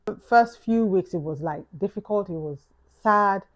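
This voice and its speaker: A woman's voice: medium pitch, normal speed, dull audio. A woman with a London accent giving an earnest, reflective vlog monologue, repeating key phrases for emphasis. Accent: London English. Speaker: YouTuber.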